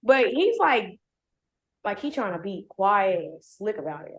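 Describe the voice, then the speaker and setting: In an unhurried, sing-song voice of medium pitch, a young woman narrates her own experience in casual slang. She uses "like" constantly and doesn't mince words, and the space around her sounds echoey and roomy.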